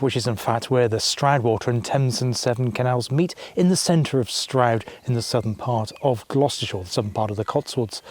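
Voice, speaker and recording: A man's voice: mid-range voice, a little mellow, no room sound. A man narrating a casual travel vlog outdoors by a lake, chatty and rambling, often correcting himself mid-sentence. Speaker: travel vlogger.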